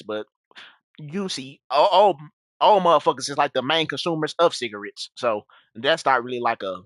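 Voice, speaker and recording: A man's voice: medium pitch, lively intonation, moderate pace, fairly bright tone, no echo, clean studio sound. A young man streaming and casually telling a story to his chat, rambling with many restarts and asides.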